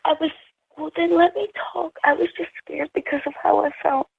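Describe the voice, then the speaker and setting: A woman on a phone call, crying and pleading in a hushed voice as she defends herself. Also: high-pitched, steady tone, a little fast, creaky. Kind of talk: tearful phone argument. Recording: tinny phone line.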